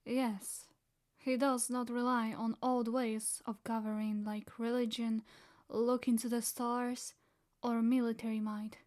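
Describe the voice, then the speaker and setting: A woman voicing an earnest, serious young elf woman in flat, measured audiobook dialogue. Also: fairly high pitch, natural voice.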